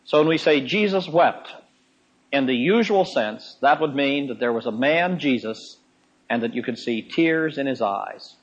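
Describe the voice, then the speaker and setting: A man giving a sermon-style Bible lesson in a folksy way, repeating key phrases and slowing down to explain them. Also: medium pitch, lively intonation. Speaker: preacher and teacher. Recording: dull lo-fi recording.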